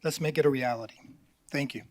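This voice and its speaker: A man's voice: medium pitch, quick pace. An older man giving a brief, friendly and casual public comment as a longtime resident. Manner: casual, friendly, a few fillers.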